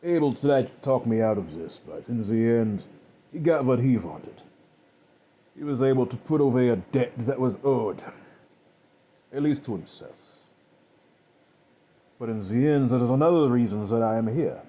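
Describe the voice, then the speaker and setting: Man voicing a cold, slow-spoken killer, husky, mocking. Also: medium pitch, expressive, mellow, close to an everyday voice. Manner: slow, measured, coldly mocking. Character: calm, menacing male killer, cold and contemptuous.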